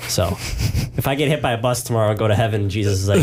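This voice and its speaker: A man's voice: lowish voice, rapid-fire, darkish tone, a little hiss or hum. A young man, a podcast guest, telling a joking story in casual chat. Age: young adult.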